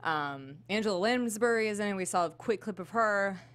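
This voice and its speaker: A young woman co-hosting a podcast, recounting convention news in an animated, casual way with lots of "like.". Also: mid-range voice, brisk, clear, resonant tone. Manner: animated storytelling, heavy use of "like". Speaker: podcast co-host. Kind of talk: casual chat.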